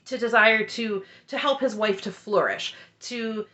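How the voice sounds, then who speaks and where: A woman with a slightly high, unhurried voice recaps a reality show in a casual, opinionated manner. Candid and animated, she talks through her frustration, frequently breaking off into asides.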